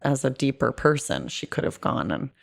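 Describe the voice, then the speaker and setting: A woman's voice: rumbling low, big pitch swings, normal speed, creaky. A woman guest on a podcast, talking through a film in an articulate, analytical way with frequent restarts. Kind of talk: casual film discussion.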